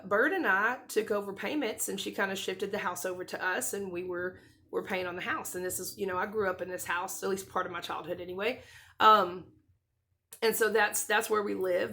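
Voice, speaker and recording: A woman in her thirties talking to her camera in a casual, rambling way, with many restarts and soft laughs, close to tears. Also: medium pitch, fairly even intonation, normal speed, creaky. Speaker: vlogger.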